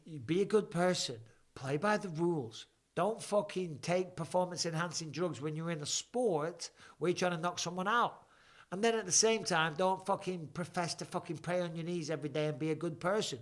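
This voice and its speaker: A man's voice: a little high, moderate pace. A man hosting a live stream, chatting bluntly and jokingly while watching fights, with plenty of swearing. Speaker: host.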